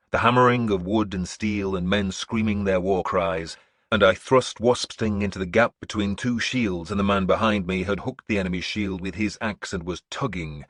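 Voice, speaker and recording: A man reading a historical battle novel aloud, in grave, measured first-person narration. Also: low voice, fairly bright tone, slightly rough, no echo, studio quality. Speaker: audiobook narrator.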